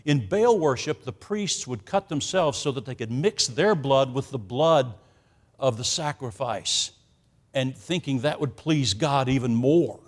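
A man preaching a sermon, emphatic, with sarcastic asides and loudness that swings from hushed to booming. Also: expressive, measured pace.

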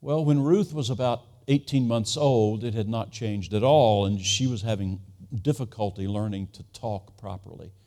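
A man's voice: on the low side, normal speed, mellow. A man in his sixties preaching a sermon, telling a family story earnestly and acting out the voices he quotes.

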